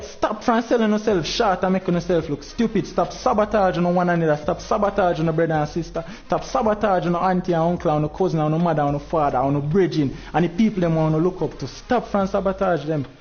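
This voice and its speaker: A man's voice: sits high, quick pace, a little mellow, highs cut off. A Jamaican man hosting a game tournament livestream, talking in heavy patois, frustrated and preaching at his viewers.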